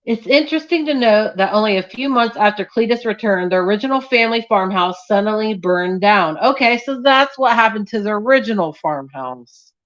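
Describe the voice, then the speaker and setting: A woman's voice: medium pitch, lively intonation, normal speed, few pauses. A woman hosting a true crime live stream, telling the case in a loose, sweary and distracted way. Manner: loose, sweary and distracted, scolding a cat mid-story. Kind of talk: casual live-stream storytelling. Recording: dull lo-fi stream audio.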